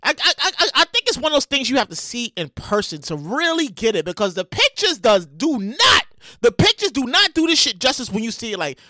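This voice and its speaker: High-voiced, rambling, animated male podcaster. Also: a little fast, dry recording, clean studio sound. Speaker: podcast host. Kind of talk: casual solo commentary.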